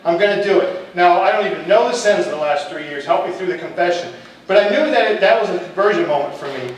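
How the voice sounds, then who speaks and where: High-voiced coach in an echoey hall. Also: male voice, animated, fast talker. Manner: candid, humorous storytelling. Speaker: football coach and teacher. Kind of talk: personal testimony talk. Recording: echoey hall, distant mic.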